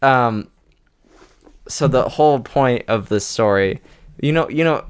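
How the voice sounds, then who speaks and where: A man's voice: medium pitch, measured pace, smooth. A young man co-hosting a casual podcast, teasing his friend, laughing and swearing a lot. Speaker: podcast co-host.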